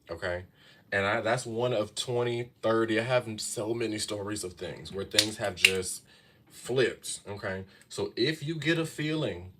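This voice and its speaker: A man's voice: fairly low pitch, fairly bright tone, a little hiss or hum. Chatty man giving spiritual advice. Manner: chatty, keeps saying "okay?" and "y'all". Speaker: astrology and tarot reader. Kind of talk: casual live-stream advice talk.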